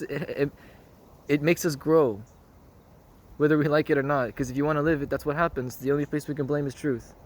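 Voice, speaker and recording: A man talking through a reflective monologue in an earnest, rambling way, often repeating himself and checking in with "you know what I mean?". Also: a little high. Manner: earnest, circles back to one phrase. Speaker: spiritual vlogger.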